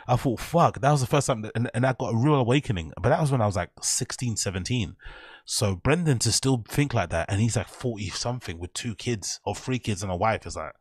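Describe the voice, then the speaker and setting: A man's voice: mid-range voice, animated, fast talker, slightly rough, no room sound, clean studio sound. A man hosting casual reaction commentary, mocking and profane as he rambles over clips. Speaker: commentary channel host.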